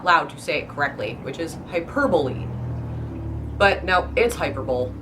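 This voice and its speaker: Her pitch is fairly low and her tone fairly bright as this book vlogger rambles casually over slight background noise. Hyper and playful, she drags out words and pronounces them in exaggerated ways.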